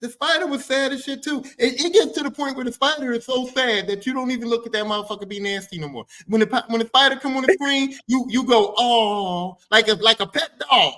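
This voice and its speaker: A man with a very high voice talks casually about films, slangy and full of swearing. His tone is bright and sharp, and his storytelling stays lively and emphatic. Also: fast, few pauses, low-quality recording. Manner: animated, profane, slangy storytelling. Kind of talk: casual chat about movies.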